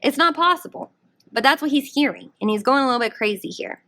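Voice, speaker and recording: A woman's voice: high voice, lively intonation, quick pace, sharp tone. A woman teacher leading a guided reading lesson, conversational, asking her students questions as she explains the text. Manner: conversational, asks the class questions. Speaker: English teacher.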